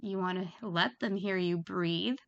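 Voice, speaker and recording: A woman gives casual, frank instruction in a chatty way, laughing at her own examples. Her voice has a gravelly edge. The recording sounds dull and lo-fi. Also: fairly low pitch, unhurried. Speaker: phone sex operator coach.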